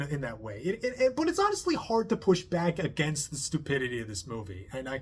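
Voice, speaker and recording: A man giving a casual spoken movie review, rambling with lots of fillers, restarts and quick impressions. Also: a little high, huge pitch swings, husky.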